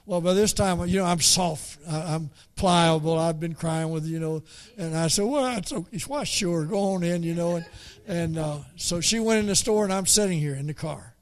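A man preaching a folksy story, halting and repeating words as he goes. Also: a little high. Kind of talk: storytelling sermon.

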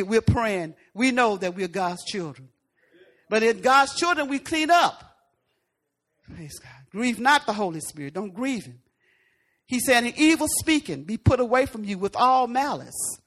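A woman preacher delivers a sermon in a folksy, conversational way. She punches some words out loudly and then drops to hushed asides. Her voice sits at a middling pitch.

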